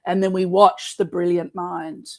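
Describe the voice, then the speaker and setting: A woman's voice: lowish voice, level tone, a little slow. A woman with an Australian accent, chatting as a guest co-host and wandering off into asides. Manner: rambling, digressive talk full of asides. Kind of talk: casual chat.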